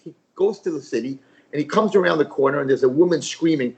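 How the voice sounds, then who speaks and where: Animated storytelling rabbi, higher voice. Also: male voice, quick pace, dull audio. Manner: animated storyteller, repeats phrases. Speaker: rabbi, guest speaker. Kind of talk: telling a parable on a talk show.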